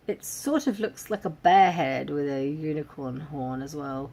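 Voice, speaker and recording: A woman chatting casually through a craft box unboxing, amused and quick to laugh. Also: low-pitched, expressive, darkish tone, breathy edge. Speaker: crafting vlogger.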